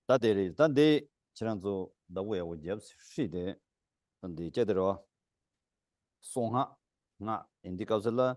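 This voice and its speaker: A middle-aged man teaching as a Buddhist teacher, speaking emphatically with sudden rising bursts of pitch and loudness. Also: expressive, moderate pace, pauses often, dry recording, studio quality. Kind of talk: dharma teaching.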